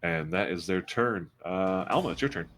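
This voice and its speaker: A man's voice: deep voice, expressive, normal speed, a bit bright. A man running a tabletop role-playing game as game master, narrating combat results with animation.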